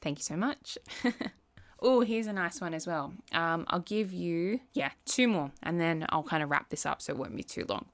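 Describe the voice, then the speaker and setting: Low-voiced woman chatting casually. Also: animated. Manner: chatty, acts out quick quoted asides. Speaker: vlogger. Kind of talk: casual chat.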